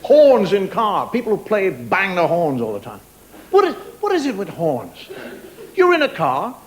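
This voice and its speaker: On a TV studio stage, a middle-aged comedian performs a stand-up routine, venting about daily irritations and imitating voices and honking cars. He speaks at a normal speed in a high voice whose pitch swoops wildly. Audience noise runs through the live recording.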